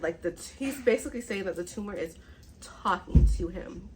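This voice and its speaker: A young woman chatting casually in a reading vlog, recapping a book with lots of "like" and quick reactions. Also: medium pitch, background noise. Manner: animated, chatty, fillers like "like". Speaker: book vlogger.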